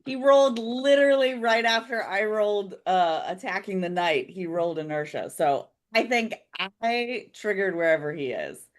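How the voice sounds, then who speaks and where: A woman's voice: medium pitch, expressive, moderate pace, hardly any pauses. A woman playing an online tabletop game, joking and teasing the others. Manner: teasing, laughing banter. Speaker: player. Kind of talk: casual game chat.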